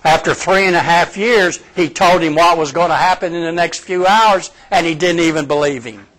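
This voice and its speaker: A man's voice: on the high side, moderate pace, a bit bright. A man preaching a sermon in a conversational way, addressing his listeners directly.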